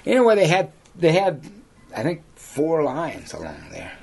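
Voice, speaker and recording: This interview guest, a lion hunter and outfitter, speaks in a husky, creaky voice that's on the high side yet darkish in tone, with huge pitch swings at normal speed. He rambles through his yarns, often saying "you know" and chuckling at his own stories.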